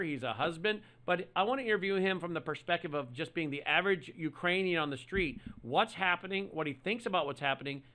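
Talk radio host, male, bright tense tone, opinionated and emphatic delivery. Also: a little high. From Mid-South US. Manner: emphatic, opinionated, chatty storytelling. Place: radio studio.

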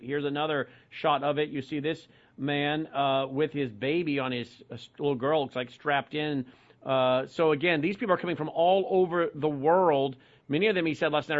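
A man hosting a radio and television call-in talk show, briskly reading out web addresses and phone numbers. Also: on the high side. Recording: muffled broadcast audio.

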